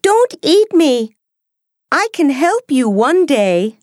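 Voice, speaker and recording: A woman reading a children's story voices a small frightened mouse in a squeaky, high voice. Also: sing-song, slow pace, a little mellow, no room sound, studio quality, exaggerated voice. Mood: pleading.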